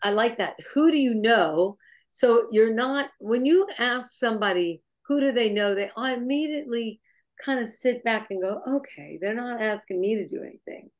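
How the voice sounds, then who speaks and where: A woman sharing business advice on a group call, bubbly and energetic, laughing between points. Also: on the high side, moderate pace. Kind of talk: enthusiastic motivational chat.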